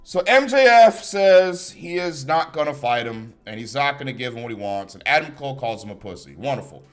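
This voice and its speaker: A man's voice: mid-range voice, animated, a little fast, soft background music. Heated, profane young man ranting. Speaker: wrestling show reviewer. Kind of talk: ranting show review.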